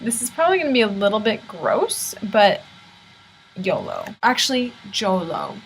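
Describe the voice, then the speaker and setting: A woman's voice: mid-range voice, wildly swooping pitch, measured pace, slight background noise, low-quality recording. A young American woman ranting in a casual vlog, filmed on a laptop's built-in mic in her university room. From United States. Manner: chatty, exasperated ranting. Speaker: vlogger. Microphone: laptop built-in camera mic.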